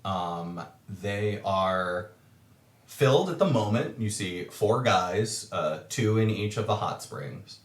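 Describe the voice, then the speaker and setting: Slow, halting man running a tabletop game. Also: sits low, animated, echoey room. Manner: halting, many ums and uhs. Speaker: game master.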